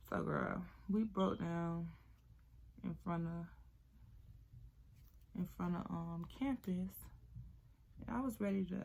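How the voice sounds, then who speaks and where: A young woman telling a casual storytime to viewers while doing her hair, chatty and animated. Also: fairly low pitch, creaky. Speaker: beauty vlogger.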